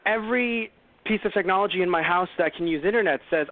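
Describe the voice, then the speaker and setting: A man's voice: sits high, quick pace, no room sound. A man hosting a casual movie review show, rambling and correcting himself with wry asides. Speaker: podcast host. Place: home. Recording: tinny phone-line call-in audio.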